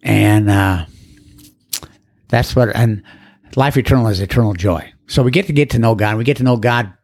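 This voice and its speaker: Sharing how he recovered, an older man rambles in a plain, folksy storytelling style, voicing other people in quotes. He has a fairly low, slightly mellow voice and talks at normal speed.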